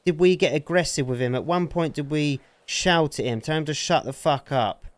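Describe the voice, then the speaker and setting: A man's voice: fairly high pitch, moderate pace, dry recording. A man in an in-character roleplay argument, aggrieved and defensive, swearing often. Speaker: roleplay streamer.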